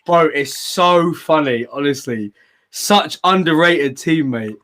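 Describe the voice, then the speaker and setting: A man from England, host of a battle league, telling stories with excitement and frequent laughter in a casual chat. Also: on the high side, slow. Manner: excitable storyteller, laughs often.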